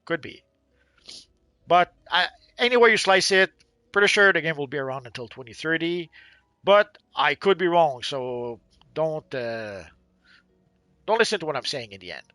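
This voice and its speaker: A man's voice: a little high, very animated, normal speed, long pauses, pushed and bright, no room sound, soft background music. A man co-hosting a game livestream, chatting casually and rambling, hedging with lots of uhs and restarts.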